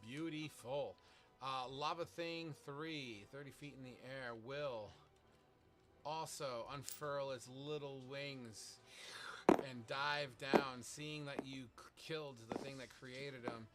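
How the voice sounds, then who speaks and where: A man's voice: medium pitch, steady tone, takes it slowly, loud music behind the voice. A man running a tabletop game as game master, narrating monster turns casually and swearing freely between laughs.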